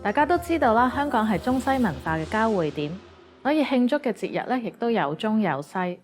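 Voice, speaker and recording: A woman narrating a scripted lesson in an even, measured way. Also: fairly high pitch, faint music behind.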